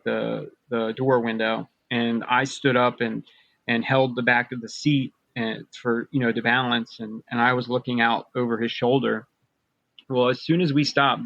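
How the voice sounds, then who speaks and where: A man's voice: mid-range voice, vocal fry, a bit bright, no echo. Man telling a story on a dull, dry line. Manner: rambling, many fillers and restarts. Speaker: podcast guest recounting personal experiences. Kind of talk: casual storytelling.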